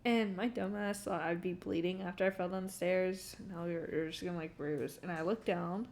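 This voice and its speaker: A young adult woman streams while telling a rambling, casual story, laughing frequently and using plenty of "like" and "um." Her voice is fairly low, a little mellow, with fairly even intonation at normal speed.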